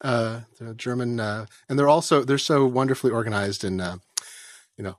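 A man's voice: mid-range voice, normal speed, dry recording. Man, 40s, podcast panelist; wry rambling anecdotes, dry close-mic sound. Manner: wry, rambling storyteller with bursts of laughter. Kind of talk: casual podcast chat.

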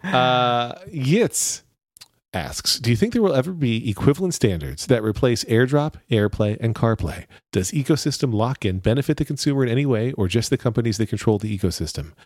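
Male podcast host, 40s, casual and jokey, mid pitch, dry mic. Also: lively intonation, a little fast, a little mellow, dry recording. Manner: jokey, reads listener questions. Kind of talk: casual chat.

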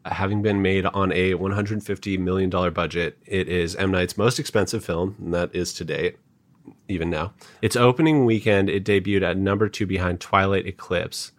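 A man with a low voice leads a casual podcast chat. He lays out the story in a steady, informative way and drops in the odd dry aside. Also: moderate pace. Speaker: podcast host presenting the research.

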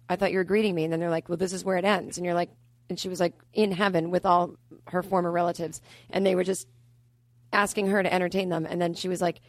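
A woman from Boston tells outlandish stories quickly and flatly, never breaking her matter-of-fact tone. She is a comedian guest on a talk podcast. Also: fairly low pitch, no echo. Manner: deadpan, matter-of-fact delivery of absurd stories. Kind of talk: improvised comedy storytelling.

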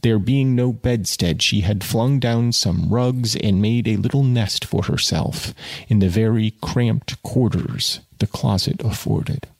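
A man's voice: lowish voice, a little slow, creaky, a little mellow, no echo. A man reading a novel aloud and breaking off for wry, conversational commentary.

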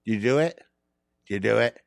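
A man's voice: on the low side, animated, fast talker, creaky, dry recording, studio quality. A man voicing his drunk, cruel father as a coaxing, interrogating figure. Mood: coaxing menace. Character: drunk, cruel middle-aged father, menacing.

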